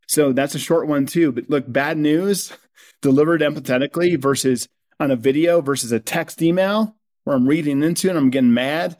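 A man who is a company co-founder, speaking as a guest on a podcast in an energetic, persuasive way. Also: fairly high pitch, brisk. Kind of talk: podcast conversation.

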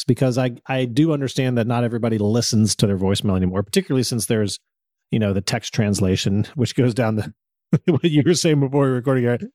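A man's voice: mid-range voice, brisk, darkish tone, no room sound, studio quality. A man co-hosting a podcast in casual chat, giving firm opinions and laughing between points. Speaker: podcast co-host.

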